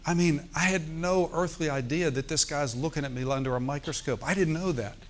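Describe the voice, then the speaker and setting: A man's voice: a little high, a little fast, a little hiss or hum. A man, a pastor, preaching a sermon in a church, telling a personal story and rising into emphatic exhortation.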